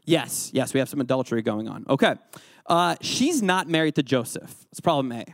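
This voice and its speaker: A man's voice: medium pitch, lively intonation, moderate pace, dry recording, studio quality. A man leading an interactive Bible lesson as a youth pastor, quizzing his listeners and joking along the way. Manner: playful, joking, quizzes the audience.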